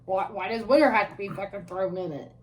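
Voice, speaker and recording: A woman's voice: medium pitch, quick pace, noisy background. A woman co-hosting a casual podcast chat, frank and profane, often poking fun at herself. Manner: frank, profane, self-mocking. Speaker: podcast co-host.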